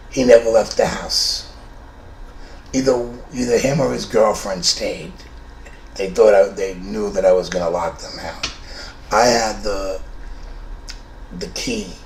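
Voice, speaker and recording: Telling a true story in a blunt, profane, conversational manner, a New York man in his fifties speaks with a deep, gravelly voice and darkish tone in a New York accent. The space sounds roomy, with faint noise.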